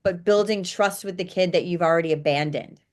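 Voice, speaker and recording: A woman spiritual coach, a podcast guest, telling client stories in an animated, blunt way, swearing casually and acting out quotes. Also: lowish voice, a little fast. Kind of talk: interview storytelling.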